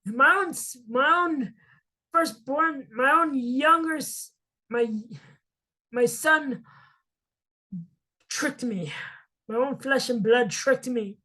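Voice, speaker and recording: A woman's voice: high-pitched, slow pace, long pauses, bright, forceful tone, exaggerated voice. A woman playing an old, regretful father. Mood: dismayed.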